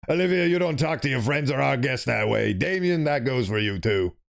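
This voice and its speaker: A man voicing a stern father figure, commanding and loud. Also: mid-range voice, lively intonation, brisk, creaky.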